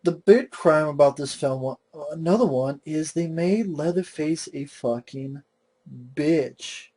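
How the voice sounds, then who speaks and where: A young man vents about a film in a slow, drawn-out delivery, his voice sitting a bit high for a man. He sounds exasperated and mocking and swears constantly, clearly fed up with what he watched. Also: dark tone. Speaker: movie reviewer. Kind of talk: profane movie rant.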